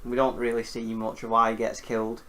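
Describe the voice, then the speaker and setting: A man hosting a casual film recap, animated and jokey, with casual swearing. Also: mid-range voice, fairly quick. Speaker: film reviewer host.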